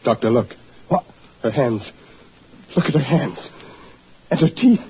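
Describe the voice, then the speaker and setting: An actor playing a desperate, tormented husband in a 1940s radio horror drama, frantic and pleading. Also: male voice, mid-range voice, expressive, a little slow, lightly acted. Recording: muffled 1940s radio broadcast with faint hiss.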